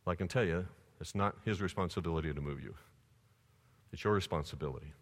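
A man preaching a sermon, lively and conversational, telling stories to his congregation. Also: sits low, fast. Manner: animated storytelling preacher. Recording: long church reverb.

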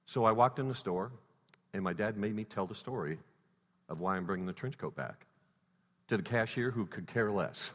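A man preaching a sermon built around a personal story, swinging between loud emphasis and hushed lines. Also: fairly low pitch, lively intonation, moderate pace. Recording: reverberant hall.

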